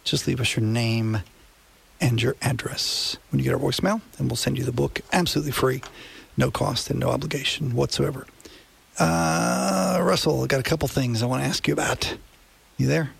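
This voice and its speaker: A man with a gravelly, husky voice hosts a radio money show. He explains things in an easy, conversational way and often checks that listeners follow him. He speaks into a studio microphone. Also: medium pitch, normal speed. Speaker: radio finance show host. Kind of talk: casual radio talk.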